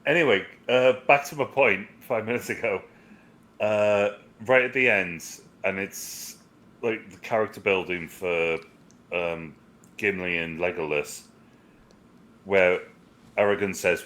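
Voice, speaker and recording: A man's voice: sits low, steady tone, a little slow, a bit bright. A man co-hosting a casual movie review chat, rambling and joking, swearing freely. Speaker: podcast co-host, movie reviewer.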